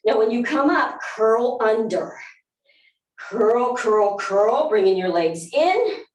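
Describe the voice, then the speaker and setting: This barre fitness instructor, a woman with a Southern US accent, sounds high-ish, animated and slow. Her live workout coaching is upbeat with whoops and counts, recorded from afar in a roomy space.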